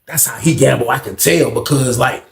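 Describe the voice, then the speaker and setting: A man's voice: mid-range voice, moderate pace, gravelly. A man telling a long casual story to his viewers in a loose, rambling way, often checking that they follow. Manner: loose, rambling, keeps asking if you follow. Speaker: storyteller recounting jail life. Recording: echoey room.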